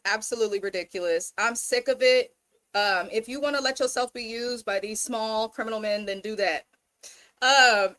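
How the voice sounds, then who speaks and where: A woman's voice: fairly high pitch, a bit bright. Blunt exasperated woman recapping reality TV. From Bay Area, California. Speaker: host. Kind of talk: casual reality TV recap chat.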